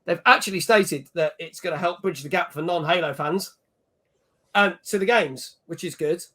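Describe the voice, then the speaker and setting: A man's voice: fairly high pitch, moderate pace, pushed and bright. A man hosting a casual gaming chat show, reading out viewer messages and scores. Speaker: podcast host.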